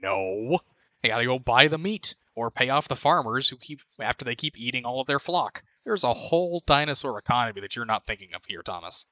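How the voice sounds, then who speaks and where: A man's voice: mid-range voice, animated, a little fast, pushed and bright, no echo. A man riffing in mock-earnest comic tangents during a casual chat. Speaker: podcast co-host.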